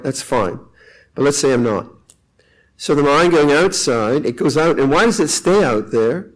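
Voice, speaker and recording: An older man, a monk, giving a calm, reflective meditation talk with frequent pauses at a retreat. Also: medium pitch, poor audio. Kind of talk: dharma talk.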